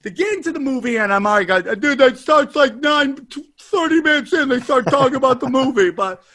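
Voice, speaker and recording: A man hosting a podcast, talking loudly and profanely in casual chat, telling animated stories and reading an ad. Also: extremely high pitch, fairly quick. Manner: loud, profane, animated storytelling. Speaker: podcast host.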